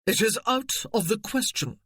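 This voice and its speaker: A narrator voicing a duke who speaks in a cool, haughty, measured way. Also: male voice, high-pitched, animated, bright, forceful tone, slightly rough, dry recording, studio quality, pitched above the performer's own voice, heavily acted.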